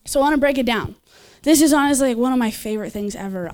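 A young woman giving a casual, enthusiastic sermon, chatting with laughs and fillers and jumping up in pitch when she voices others. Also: fast talker. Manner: animated, leaps in pitch when voicing others. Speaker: speaker at a church gathering.

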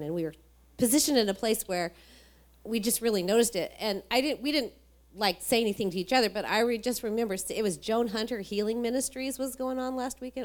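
A woman's voice: mid-range voice, a little mellow. A woman telling a church story to a congregation, rambling, with many restarts and fillers. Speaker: guest speaker in church. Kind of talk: testimony storytelling.

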